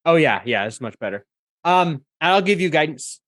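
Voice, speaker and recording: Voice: mid-range voice, normal speed, dry recording. A player in a tabletop role-playing game, chatting casually and laughing often. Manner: laughs easily, animated.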